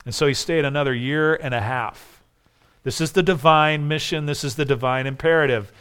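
Man preaching a sermon, emphatic, soft-to-loud swings, smooth clear voice, slightly high. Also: normal speed.

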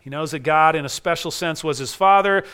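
Male pastor preaching, bright forceful tone, slightly raised pitch, emphatic repetition. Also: a little fast, clear, resonant tone. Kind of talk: sermon.

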